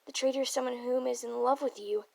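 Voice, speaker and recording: A woman's voice: sits high, fairly even intonation, vocal fry. A woman reading as a gloomy, self-loathing young man. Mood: earnest. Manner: stumbling, halting reading.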